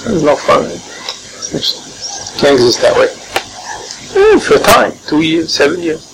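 A man giving an informal Torah class, animated, firing off rhetorical questions and often chuckling. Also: a little high, slow, vocal fry. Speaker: Torah teacher. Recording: noisy background.

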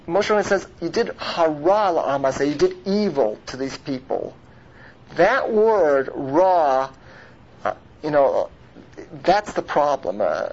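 Leading a Torah class, a man with a somewhat high voice blends Hebrew words into his English and relies on rhetorical questions. He checks in with his listeners often, tossing out "right?" and "okay?". Faint noise runs beneath a muffled, lo-fi recording.

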